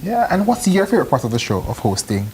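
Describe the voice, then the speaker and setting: A woman's voice: deep voice, big pitch swings, fast, darkish tone, slight background noise, low-quality recording. A woman hosting a morning TV show, asking upbeat, encouraging questions. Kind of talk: casual TV interview.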